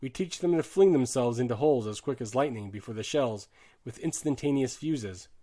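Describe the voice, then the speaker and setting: A man narrates a war novel as an audiobook in a voice of middling pitch. His reading is earnest and dramatic. He drops low for grim passages and rises for tense ones. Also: lively intonation, fairly quick. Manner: earnest, shifts loudness sharply with the drama. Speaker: audiobook reader.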